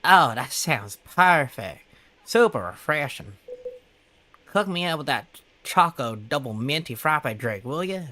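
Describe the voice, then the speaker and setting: Streamer voicing a loud, easygoing Texas-drawl guy in a visual novel game. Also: mid-range voice, big pitch swings, a little slow, a little hiss or hum. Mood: enthusiastic. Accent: put-on Texas drawl.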